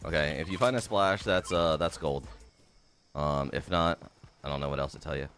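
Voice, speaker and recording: A man's voice: a bass voice, normal speed, a bit bright, faint music behind. A man streaming a game live, swearing freely and greeting his chat by name.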